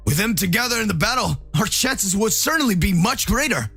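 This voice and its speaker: A cheerful hero speaks eagerly in a high, lively voice. A man acts him out, with a gravelly, husky grain for a fan story. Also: a little fast, soft background music, heavily acted. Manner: excited, friendly.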